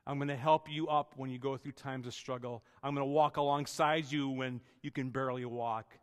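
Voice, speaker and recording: A man's voice: medium pitch, fairly even intonation, moderate pace, in a large hall. A man preaching a sermon as pastor, earnest and conversational, with restarts and plain everyday phrasing.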